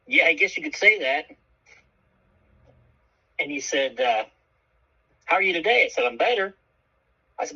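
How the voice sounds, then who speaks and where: A man co-hosting a radio show tells a story with a bright, edgy, slightly husky voice, cursing freely and acting out each person he quotes. The broadcast sound is dull and muffled. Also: on the high side. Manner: animated, profane, acts out quoted voices. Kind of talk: casual storytelling chat.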